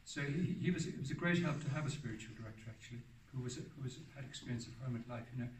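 A man's voice: mid-range voice, racing, slight background noise. Seventies man, hermit telling stories to a gathering, meandering and self-correcting, heard from a distance. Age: 70s. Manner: rambling, often restarts and corrects himself. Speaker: hermit giving a public talk. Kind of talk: anecdotal storytelling talk. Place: hall for a public talk. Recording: roomy sound from a distant mic.

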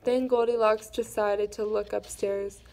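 A woman reading a children's fairy tale aloud in an expressive storytelling manner. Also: medium pitch, unhurried, creaky.

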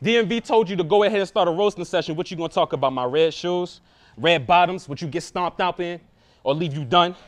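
Man, young adult, high-pitched, battle rap verse, punchy, confrontational, repeats lines. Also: brisk. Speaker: battle rapper.

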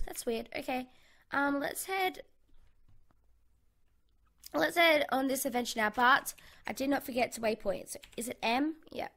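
Bubbly young Australian woman with a gravelly edge. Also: high voice, a bit bright. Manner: chatty and bubbly, thinking aloud with fillers. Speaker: gaming channel host. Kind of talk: casual gameplay commentary. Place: home bedroom. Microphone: USB condenser mic.

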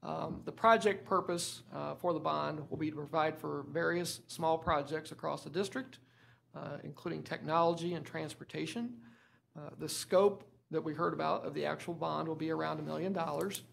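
A man's voice: a little high, normal speed, creaky, fairly bright tone, a little hiss or hum. A man, a school superintendent who says he is losing his voice, presenting items at a school board meeting with many filler words and restarts. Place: meeting room.

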